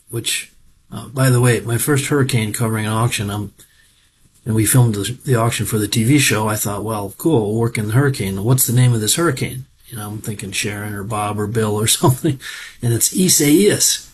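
In a fairly low, slightly rough voice, a middle-aged man from Minnesota delivers a casual market report on farm equipment auctions. His folksy account rambles and frequently wanders off on tangents.

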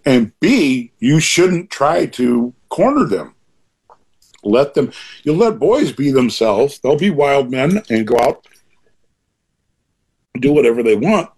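Older man, husky, animated pitch, earnest rambling talk, reflective chat guest. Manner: rambling, earnest, with frequent restarts. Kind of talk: reflective conversation.

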